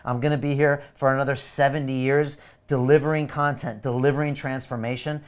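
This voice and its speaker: A middle-aged man hosting a live webinar, delivering an energetic, pushy sales pitch full of repeated catchphrases. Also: brisk, smooth.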